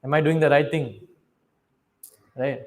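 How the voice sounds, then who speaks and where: A man's voice: fairly high pitch, measured pace. A middle-aged man giving a sermon in slightly non-native English, telling stories, acting out the characters' lines and asking his listeners questions. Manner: animated storyteller, asks the audience questions, acts out quoted dialogue. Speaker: preacher giving a scripture class. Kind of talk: sermon, storytelling.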